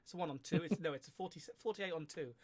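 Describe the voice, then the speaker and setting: Chatty man, higher voice. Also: fast talker, a little mellow. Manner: chatty, stumbling restarts. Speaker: livestream host. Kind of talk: casual stream chat.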